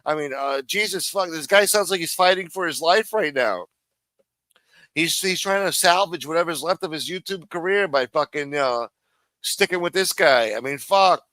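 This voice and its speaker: A man's voice: a little high, normal speed, pushed and bright, no room sound. A man hosting a live stream, commenting casually on a clip in a rambling, profane, exasperated way.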